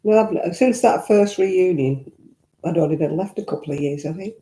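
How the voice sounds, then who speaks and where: Dark-voiced older Northern English woman. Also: fairly low pitch, moderate pace. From Northern England. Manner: chatty, reminiscing, blunt asides. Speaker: vlogger host. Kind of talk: casual chat answering viewer comments. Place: indoors at home. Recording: echoey room.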